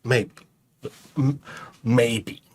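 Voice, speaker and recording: A man's voice: mid-range voice, steady tone, extremely slow. A man giving a mocking, profane rant as a streamer, firing rhetorical questions and laughing at his own jokes. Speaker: streamer and commentator. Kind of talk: ranting commentary to an online audience.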